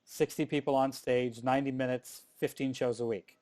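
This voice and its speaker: A middle-aged man on a panel, telling stories from his performing career in a lively, casual way with frequent restarts. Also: mid-range voice, moderate pace. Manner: animated storyteller, frequent restarts.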